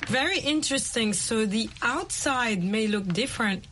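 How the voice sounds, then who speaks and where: A woman hosting a language program, speaking slowly and carefully and switching between two languages as she explains. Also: a little high, animated, a bit bright, slight background noise. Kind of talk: bilingual teaching chat.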